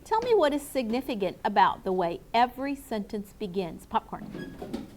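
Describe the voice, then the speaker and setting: A woman's voice: a little high, expressive, a little fast, darkish tone, slight background noise. A woman teacher leading a grammar review with her class, patiently asking questions and calling on students by name. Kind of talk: classroom lesson to students and viewers.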